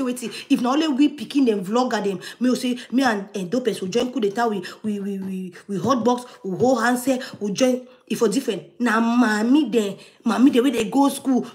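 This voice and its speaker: A woman giving animated livestream commentary, laughing often and dropping into murmured asides. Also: fairly high pitch.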